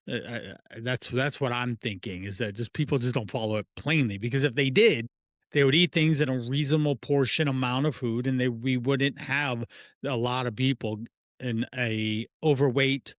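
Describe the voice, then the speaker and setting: This middle-aged man, a fitness and nutrition coach, has a mid-range voice captured in a dry recording with clean studio sound. Talking casually on a podcast, he meanders, restarts phrases, and reaches for analogies and rhetorical questions.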